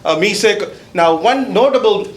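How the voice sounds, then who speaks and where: A man's voice: sits high, expressive, moderate pace, roomy sound. A man presenting research at a seminar, chatty and joking, with an accent, often adding "okay?". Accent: non-native accent. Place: seminar hall.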